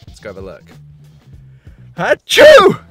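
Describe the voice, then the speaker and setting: A man's voice: medium pitch, brisk. A young man with an Australian accent hosting a playful, jokey behind-the-scenes vlog. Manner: goofy, playful, self-amused. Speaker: YouTube creator. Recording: music playing behind the voice. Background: background music.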